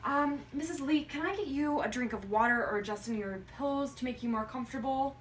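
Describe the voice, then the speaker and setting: A young woman playing a hospital social worker in a practice interview, speaking gently and carefully with frequent ums. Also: high-pitched, a little fast. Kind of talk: practice interview role-play. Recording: roomy, distant mic with faint noise.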